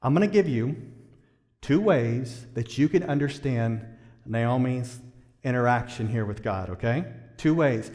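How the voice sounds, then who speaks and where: A male pastor delivering a sermon, building from quiet to loud emphasis and questioning the congregation. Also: mid-range voice, animated, measured pace. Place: church sanctuary. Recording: long church reverb.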